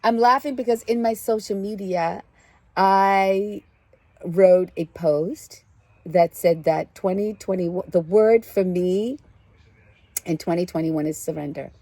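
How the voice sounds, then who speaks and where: A woman's voice: medium pitch, slow, dark tone, dry recording. A woman giving a casual spiritual card reading in a preachy, emphatic way, repeating her key phrases. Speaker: tarot card reader.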